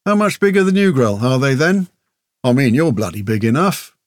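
A man's voice: medium pitch, big pitch swings, moderate pace, no room sound, studio quality, natural voice. A man putting on a chatty, folksy islander. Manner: talkative, homely and folksy. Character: chatty friendly male islander guide. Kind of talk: audiobook character voice.

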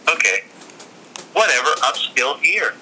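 A man in a casual interview, telling stories in a lively, chatty way with lots of fillers. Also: mid-range voice, measured pace, a little hiss or hum, rough recording. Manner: animated, acts out other people's lines. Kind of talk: casual storytelling.

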